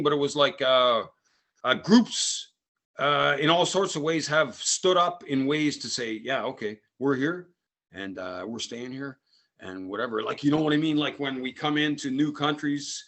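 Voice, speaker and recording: Speaking at a normal pace, a Canadian podcast host of French Canadian background tells a loose, rambling story peppered with "eh" and "man." His voice is a little high and a bit bright.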